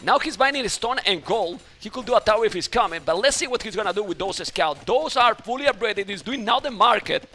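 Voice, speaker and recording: Excitable high-voiced male esports caster. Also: a little fast, hardly any pauses, slight background noise. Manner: excitable, exclaims loudly at big moments. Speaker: esports commentator. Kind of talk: live game commentary.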